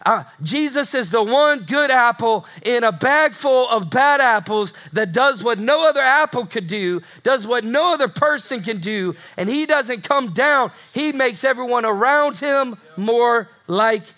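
Preacher guy, high bright voice, punches lines and repeats them, acts out the characters. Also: lively intonation, measured pace, hardly any pauses. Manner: emphatic, repeats phrases for effect, acts out voices. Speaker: pastor. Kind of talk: sermon.

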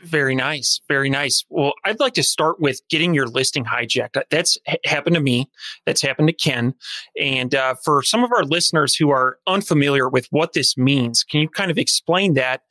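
Bright, dry-sounding male podcast host. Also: mid-range voice, moderate pace, dry recording. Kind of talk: interview questions.

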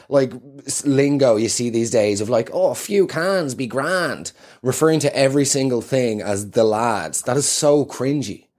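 An Irish man hosting his own show, delivering an animated, sardonic comedic monologue. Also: mid-range voice.

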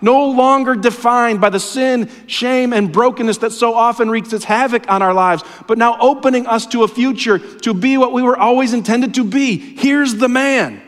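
A man preaching a sermon, impassioned and often dropping to a hushed, low voice. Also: normal speed, few pauses. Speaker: pastor. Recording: long hall reverb.

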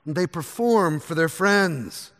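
A man preaching a sermon from the pulpit, earnest and varied, quieter during prayer. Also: fairly high pitch, animated, slow pace. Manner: earnest, varies pace, drops to a soft voice in prayer. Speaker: pastor. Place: church sanctuary. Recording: long echo of a large church hall.

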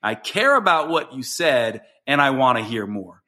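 A man's voice: mid-range voice, sing-song, measured pace, few pauses, bright, forceful tone. A man hosting a podcast, earnestly explaining how to respond to someone going through a hard time, acting out example phrases as he goes. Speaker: podcast host. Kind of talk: solo coaching talk.

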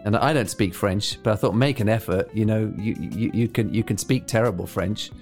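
A British man co-hosting a podcast, telling lively stories in casual chat and laughing often. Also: fairly low pitch, fairly quick, soft background music. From United Kingdom. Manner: animated storyteller, laughs often. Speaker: podcast co-host.

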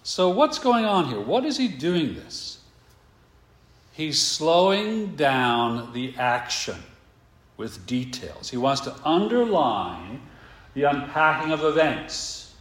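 A male pastor preaching a sermon, emphatic and full of rhetorical questions, slowing down to stress his points. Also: on the high side, sing-song, roomy sound.

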